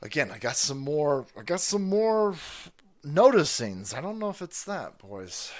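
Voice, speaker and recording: A man ranting on his livestream, his fairly high voice swinging wildly up and down as he mocks and curses. He laughs often and breaks into sudden yells, staying sarcastic throughout. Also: sing-song, unhurried. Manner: profane, sarcastic, mocking. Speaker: stream host. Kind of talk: livestream commentary rant.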